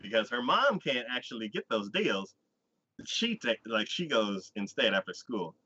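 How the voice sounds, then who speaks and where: A man's voice: medium pitch, very animated, moderate pace, bright, forceful tone, slightly rough, muffled recording. A man hosting a casual chat, retelling a story in a rambling way with lots of fillers and little acted-out quotes. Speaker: podcast host. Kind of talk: casual anime recap chat.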